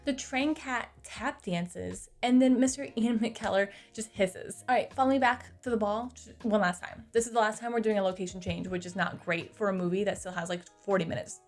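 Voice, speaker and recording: A woman's voice: medium pitch, fairly even intonation, normal speed, hardly any pauses, faint music behind. A young woman recapping a movie in a casual, chatty way, with sarcastic asides, recorded on a close mic. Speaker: movie reviewer.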